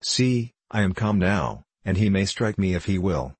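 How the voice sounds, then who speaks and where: Man reading as earnest pleading young son, very deep voice, husky. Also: expressive, normal speed, dry recording. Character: distraught tall young man, protective son.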